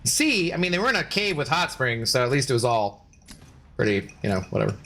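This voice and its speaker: A man's voice: medium pitch, very animated, brisk, sharp tone. A man casually chatting with his viewers while streaming a game, reading out chat messages and bantering sarcastically. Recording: faint background music.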